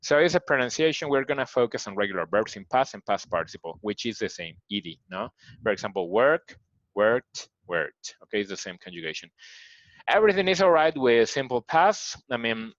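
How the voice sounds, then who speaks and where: A man from Mexico with a Mexican Spanish accent, teaching an online English lesson and patiently repeating words slowly to model their pronunciation. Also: medium pitch, very animated, a bit bright, dry recording, lo-fi sound. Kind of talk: recorded online grammar lesson.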